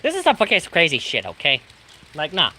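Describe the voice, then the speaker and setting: At home during a thunderstorm, with rain falling outside, a storm streamer from the Pacific Northwest of the US delivers a heavily profane rant on a live stream. The medium-pitched voice is bright and forceful, fairly quick, and wildly swooping in pitch, and a little hiss or hum is audible.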